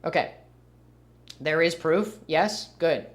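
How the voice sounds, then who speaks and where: A man's voice: a little high, slow. A man narrating a commentary video in a blunt, casual way. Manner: blunt, casual, talks over clips.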